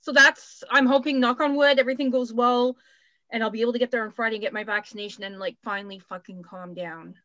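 A woman's voice: fairly high pitch, fairly even intonation, fast, bright, forceful tone, no room sound. Chatty rambling woman, muffled dry sound. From Canada. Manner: rambling, self-deprecating, swears casually. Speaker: podcast co-host. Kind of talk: casual chat. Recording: muffled dry home recording.

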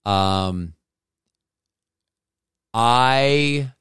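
A man's voice: medium pitch, very slow, fairly bright tone, clean tone, no echo, studio quality. A man hosting a podcast, telling a casual comedic story in a rambling way, often breaking off and restarting his sentences. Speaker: podcast host.

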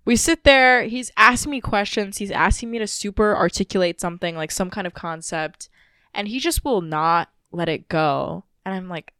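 A woman's voice: mid-range voice, moderate pace, sharp tone, clean tone, no echo, clean studio sound. Woman retelling a bad date, rambling. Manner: emotional, rambling retelling with frequent fillers. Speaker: podcast co-host. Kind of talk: casual storytelling chat.

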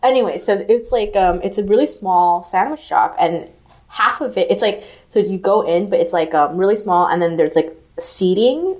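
A woman co-hosting a podcast, telling an animated, profanity-laced story full of "like" fillers in casual chat. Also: mid-range voice, normal speed, dull audio. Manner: animated, swearing, lots of "like" fillers. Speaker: podcast co-host.

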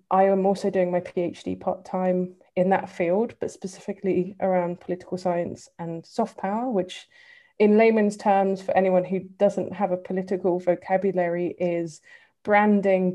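A woman's voice: fairly low pitch, flat delivery, normal speed, mellow. A woman in her thirties with an English accent, answering interview questions thoughtfully, with lots of ums. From England. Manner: thoughtful, many ums and kind ofs. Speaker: guest, civil servant. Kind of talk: interview answers, casual talk.

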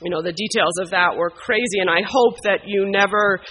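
A woman telling a personal recovery story to a group, earnest and halting, often checking in with her listeners. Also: medium pitch, fairly bright tone, slightly rough, rough recording. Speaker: speaker sharing at a recovery meeting.

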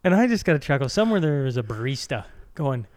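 A man co-hosting a podcast, talking in casual chat with animated, mock-exasperated swearing. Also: mid-range voice, fast talker. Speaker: podcast co-host.

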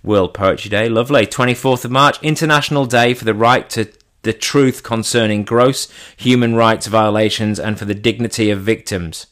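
Guy doing a cheeky deadpan comedy bit, voice jumps up on the punchlines. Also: moderate pace. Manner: irreverent and deadpan, swinging pitch for punchlines. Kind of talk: comedic monologue.

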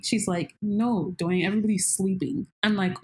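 A young woman telling a story in casual chat, animated, jumping into high squeals when she acts out her panic. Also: moderate pace, reverberant.

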